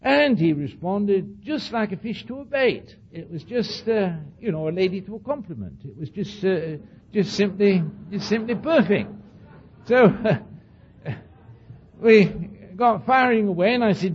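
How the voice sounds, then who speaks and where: Older male lecturer with an accent, slightly high and husky, spinning an anecdote for the hall, recorded on a muffled lo-fi archive tape. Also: normal speed. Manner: animated storytelling with asides to the audience; says he speaks with an accent. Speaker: speaker addressing an audience.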